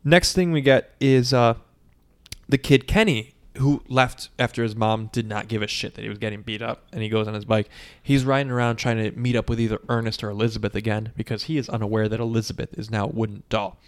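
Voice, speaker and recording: A man in casual podcast chat, recapping a movie with lots of swearing and quick quoted voices. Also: fairly low pitch. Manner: profane, animated storytelling with quick quoted voices.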